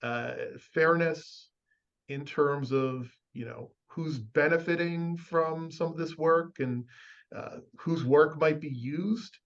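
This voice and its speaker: A man on a discussion panel lays out his views in an even, explanatory way. His voice comes through a somewhat muffled, lo-fi recording. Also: a little high, slow. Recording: muffled lo-fi audio.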